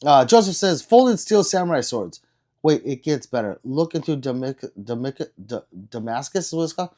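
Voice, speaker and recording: A man's voice: mid-range voice, lively intonation, a little fast, darkish tone. Rambling man reading chat on a livestream. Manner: rambling, self-deprecating, stumbling restarts. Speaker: livestream host. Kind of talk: casual livestream chat reading viewer comments.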